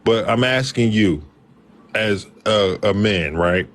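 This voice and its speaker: A man's voice: on the low side, takes it slowly. A man in a heated casual debate, speaking insistently and pressing pointed questions.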